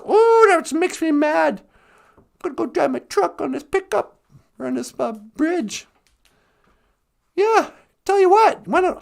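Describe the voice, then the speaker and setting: A man voicing a brash, opinionated woman co-host with a gravelly, mocking manner in a comedic live stream. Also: very high voice, full character voice. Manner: gravelly, laughs through lines, mocking.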